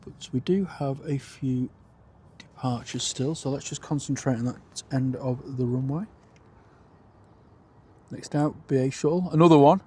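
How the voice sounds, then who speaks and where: A man hosts a live plane-spotting stream from outdoors at an airport, his voice sitting at an ordinary middle pitch. He talks in a chatty, easygoing way, calling out flights and answering viewers. A faint outdoor hum runs under his voice. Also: unhurried, mellow. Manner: chatty, reads out viewer comments.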